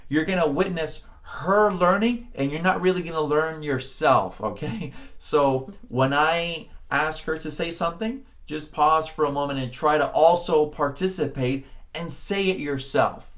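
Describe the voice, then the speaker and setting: A man teaching a Spanish pronunciation lesson, encouraging the learner, often checking in with "okay?", and drawing out words slowly to model them. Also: a little high, a bit bright. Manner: slow, drawn-out words when modeling sounds. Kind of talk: spoken language lesson.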